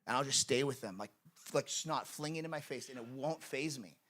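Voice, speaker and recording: A man's voice: mid-range voice, a little fast, fairly bright tone. A man preaching a sermon in a church in an earnest, conversational way, with lots of fillers. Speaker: pastor. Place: church sanctuary.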